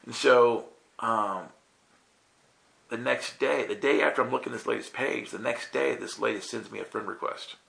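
A man's voice: medium pitch, moderate pace, gravelly, fairly bright tone, low-quality recording. A man telling a casual personal testimony as a guest minister, chatty and self-interrupting, often checking in with "right?".

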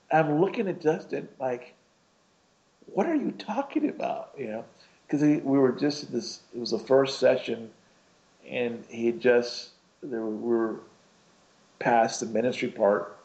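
A man's voice: medium pitch, vocal fry, darkish tone, muffled recording. A man preaching a conversational sermon, rambling through a personal story with lots of "you know" and "right?".

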